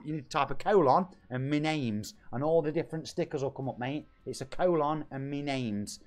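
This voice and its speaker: A man in his forties from England with a British accent, chatting on his live game stream with excitable shout-outs and banter. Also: medium pitch, fairly quick, few pauses, soft background music. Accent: British English. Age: 40s. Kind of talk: lively live-stream chat. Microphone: home streaming microphone.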